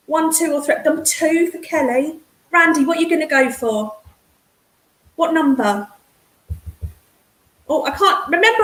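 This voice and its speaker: Lady, high bouncy voice, chatty and excited, calls everyone darling. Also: roomy sound, rough recording. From English Midlands. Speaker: psychic medium hosting a live stream. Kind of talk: casual livestream chat with viewers. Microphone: computer mic on a streaming setup.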